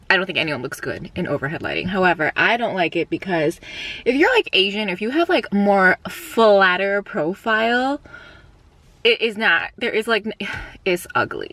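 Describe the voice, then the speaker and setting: A woman's voice: mid-range voice, bright, forceful tone. A young woman talking casually to the camera in a beauty vlog, chatty and rambling, with lots of fillers and small laughs. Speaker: beauty vlogger. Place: at home.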